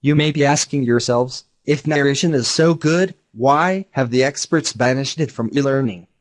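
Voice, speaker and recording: A text-to-speech man's voice giving a scripted narration in an even, measured explanatory manner. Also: mid-range voice.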